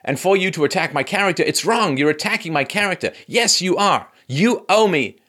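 A man's voice: brisk, lightly acted. A man mimicking a furious woman athlete. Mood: indignant. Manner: shrill insistent repetition. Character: furious indignant woman athlete demanding apology.

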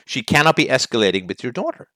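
A man's voice: mid-range voice, big pitch swings, quick pace, pushed and bright, no room sound, studio quality. Blunt, heated man hosting a call-in. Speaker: call-in show host. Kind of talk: call-in advice show.

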